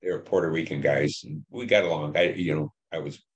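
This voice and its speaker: Very deep-voiced older veteran man. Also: fairly even intonation, lo-fi sound. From Detroit, Michigan. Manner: plain, halting storytelling with many fillers. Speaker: Vietnam veteran interviewee. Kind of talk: oral history interview.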